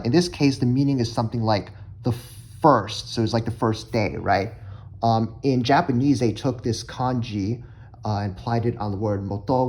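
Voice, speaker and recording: A young man walks through vocabulary and pronunciations in a relaxed, chatty lesson. He talks in a mid-range voice, often pausing with fillers and restarting his sentences as he thinks aloud. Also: medium pitch. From United States. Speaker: language learning vlogger. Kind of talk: casual explanatory lesson.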